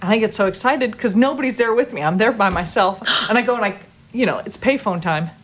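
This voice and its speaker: A middle-aged woman from Chicago, a tap dancer and guest, telling a story casually with excitement and acting out the people in it. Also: mid-range voice, quick pace. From Chicago, USA. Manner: excitable, animated, acts out the people in her story.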